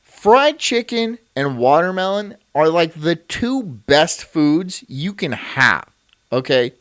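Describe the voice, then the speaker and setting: A man's voice: on the high side, very animated, slow pace, a bit bright, no room sound. A man streaming, reacting to a video in rambling, crude and self-mocking casual chat.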